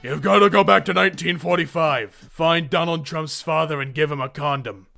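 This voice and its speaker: A man putting on an excited gravelly voice. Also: on the high side, normal speed, soft background music.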